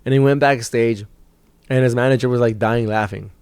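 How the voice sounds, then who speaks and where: A young stand-up comic hosts his own podcast, rambling through a story in a casual monologue and swearing freely. His voice sits at an ordinary male pitch, fairly quick, clear and resonant, and he gets animated quoting people; the sound is dry and close.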